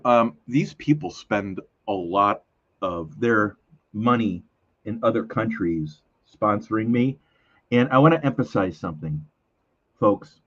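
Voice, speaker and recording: A man's voice: fairly low pitch, fairly bright tone, slightly rough, dull audio. A man hosting a casual live stream, chatting in a rambling, self-correcting way with lots of fillers. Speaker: host of a weekly live community show.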